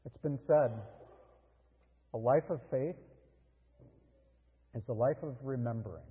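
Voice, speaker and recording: A man preaching a sermon as pastor, earnest and deliberate, with dramatic pauses. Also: mid-range voice, husky, long reverb tail, phone-quality sound.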